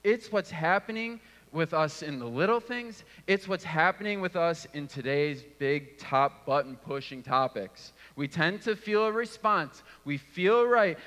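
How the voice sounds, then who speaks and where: A man in his thirties, a pastor, preaching a sermon with animated storytelling and acted-out voices. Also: fairly high pitch. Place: church auditorium. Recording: long hall reverb.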